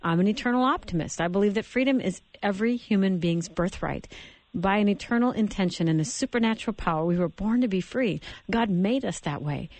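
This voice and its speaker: A woman's voice: medium pitch, expressive, brisk, darkish tone, no echo. A woman hosting an interview, encouraging and reading a quote back to her guest. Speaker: host.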